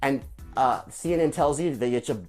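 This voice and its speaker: A man's voice: medium pitch, brisk, darkish tone, faint music behind. A man hosting a live stream, ranting with profanity and firing off repeated rhetorical questions. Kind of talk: angry political rant on a live stream.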